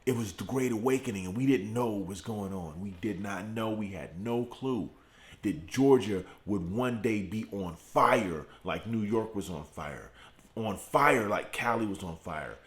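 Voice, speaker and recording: A middle-aged man hosting a motivational morning live stream from his home garage, preaching with fired-up repetition while deliberately keeping his voice turned down. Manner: fired-up preaching with repeated phrases, speaking in a deliberately lowered voice. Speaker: host of a morning motivational show.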